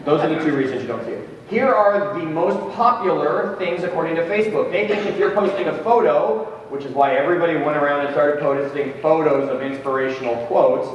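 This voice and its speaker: A man's voice: on the high side, highs cut off. Joking male seminar presenter in a hall. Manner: joking, quick, addresses audience directly. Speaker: real estate tech seminar presenter. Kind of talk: live seminar teaching. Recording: echoey hall from far off, faint noise.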